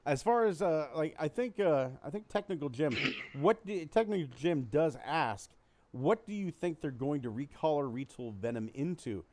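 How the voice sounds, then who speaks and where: A man's voice: a little high, animated, moderate pace, darkish tone. A man co-hosting a casual podcast, telling a crude joke and putting on voices for its characters. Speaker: podcast co-host. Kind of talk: casual crude chat about toys.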